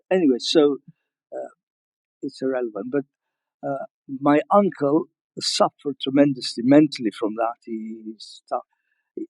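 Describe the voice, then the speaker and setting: Older man, higher-pitched, dry sound. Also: creaky, darkish tone, no echo, rough recording. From Libya. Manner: halting, with frequent restarts and chuckles. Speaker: guest speaker. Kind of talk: recounting family history to an audience.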